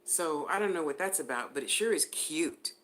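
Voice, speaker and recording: A woman's voice: low-pitched, lively intonation, moderate pace, a bit bright. A woman giving a live spiritual reading to viewers. She talks in a chatty way, laughs often, and addresses people by name. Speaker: spiritual reader.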